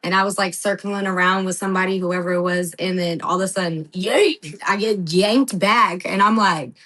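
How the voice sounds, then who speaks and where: A woman wrestler talking casually on a podcast, telling animated stories, acting out quotes, laughing and swearing freely. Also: fairly low pitch, brisk, rough recording. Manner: lively storyteller, acts out quotes, laughs, swears. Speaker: wrestling guest.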